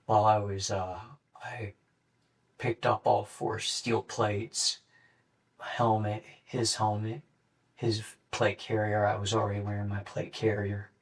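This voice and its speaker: A young man in his late teens gives a police interrogation statement in a low, flat, matter-of-fact voice, halting with fillers. He is picked up by a distant mic in an interrogation room, so he sounds far away. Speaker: murder suspect being interrogated.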